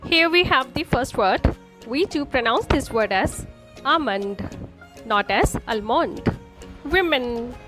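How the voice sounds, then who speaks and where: A woman narrating a scripted English pronunciation lesson, explaining each word slowly and deliberately. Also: sits high, animated, bright, forceful tone. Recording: voice-over with faint background music.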